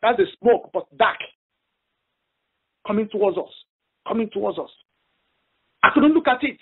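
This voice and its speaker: A man preaching a sermon on a phone prayer line, telling a story with halting repeats and emphatic stress. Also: sits high, animated, husky, phone-quality sound.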